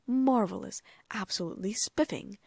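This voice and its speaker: A woman's voice: a little high, expressive, fast, warm tone, no echo, pitched above the performer's own voice. A woman voicing a cheeky, mocking teenage wizard twin in an audiobook.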